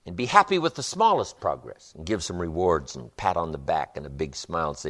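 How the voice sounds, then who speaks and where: A lower-pitched man lecturing at a live seminar, with a voice that swoops up and down as he stresses points. He drives ideas home through rhythmic repetition and weaves in fables as a motivational speaker. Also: big pitch swings, fairly quick, few pauses, sharp tone. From United States. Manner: emphatic, rhythmic repetitions, storytelling.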